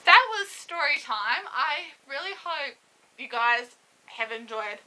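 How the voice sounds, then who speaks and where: A young woman telling a story to camera in a casual vlog, emotional and halting as she holds back tears. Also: on the high side, bright, forceful tone, rough recording. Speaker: vlogger. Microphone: camera mic, seated.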